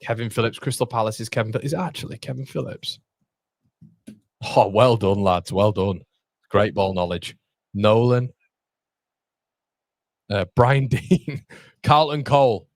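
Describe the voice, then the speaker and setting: Excitable man streaming a football watchalong. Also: fairly low pitch, unhurried, pauses often, no echo, studio quality. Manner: excitable, chatty, reacting to chat and match action. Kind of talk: live football watchalong chat.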